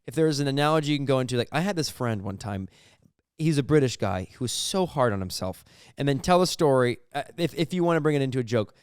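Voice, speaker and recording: A man's voice: medium pitch, fast, clear, resonant tone, dry recording, studio quality. A man co-hosting a podcast, talking in a casual, rambling comedy chat and acting out little quotes as he goes. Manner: rambling, animated, acts out quotes. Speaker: podcast co-host.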